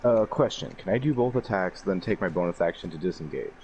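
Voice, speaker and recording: A man's voice: low voice, lively intonation, fast, darkish tone, highs cut off, slight background noise. A man playing in a tabletop game, easygoing, asking about rules and describing his attacks. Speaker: player. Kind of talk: casual tabletop game chat.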